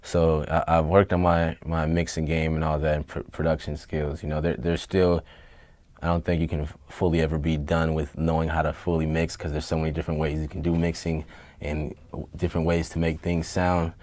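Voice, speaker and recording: A man being interviewed about his music, talking candidly and rambling, profane and quick to get worked up. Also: rumbling low, dry recording. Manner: rambling, profane, gets heated and animated. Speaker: rapper and producer being interviewed. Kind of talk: candid casual interview talk. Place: home studio basement.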